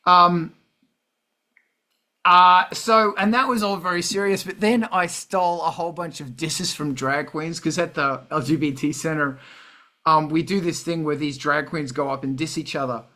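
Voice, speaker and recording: A man's voice: on the high side, fairly even intonation, moderate pace, sharp tone. A man, a musician hosting a casual chat, self-deprecating and swearing often as he talks through and reads his song lyrics. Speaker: podcast host and musician. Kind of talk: casual chat about songwriting.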